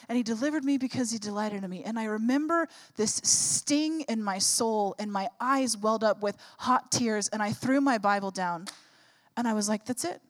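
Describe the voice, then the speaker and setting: A woman in her thirties, a pastor with a fairly high-pitched voice, preaches a sermon. She tells a personal story and builds up to fervent exhortation.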